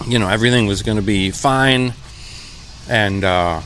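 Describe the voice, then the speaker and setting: A man in his fifties, a musician guest, talking in a relaxed, reflective way with many pauses and fillers, in a brewpub. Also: lowish voice, soft background music. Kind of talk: relaxed conversational interview. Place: brewpub restaurant.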